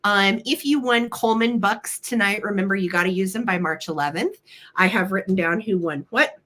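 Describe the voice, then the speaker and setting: A woman with a sharp, mid-range voice at a moderate pace sells vintage goods on a casual home live stream. She's chatty and friendly with apologetic asides, her voice a bit weak since she's been sick.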